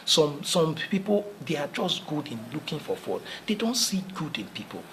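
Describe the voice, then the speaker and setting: A man's voice: fairly high pitch, sing-song, normal speed, a bit bright, slight background noise, low-quality recording. A man giving a motivational talk in an earnest, repetitive, preacherly manner, often restarting his phrases. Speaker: motivational speaker.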